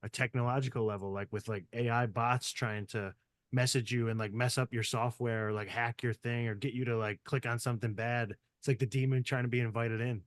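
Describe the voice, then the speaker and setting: A man's voice: medium pitch, steady tone, a little fast, no room sound. A man hosting a podcast in casual chat, rambling with lots of fillers. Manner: rambling, many fillers, trails off softly. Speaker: podcast host.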